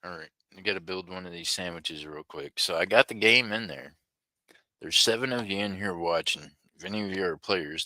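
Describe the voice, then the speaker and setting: This American livestream auction host keeps his chat with viewers casual and folksy. He has a low-pitched, bright voice with a forceful tone and speaks fairly quickly. The recording is dry.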